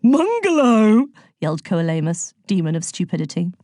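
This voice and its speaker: A woman narrating a storybook in a clear, measured reading voice. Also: fairly low pitch, mellow. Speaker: audiobook narrator.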